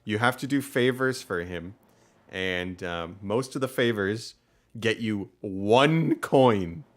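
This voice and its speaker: A man's voice: fairly low pitch, slow pace. A young man casually commenting while playing a game, chatty and laughing at his own lines. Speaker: lets-play commentator.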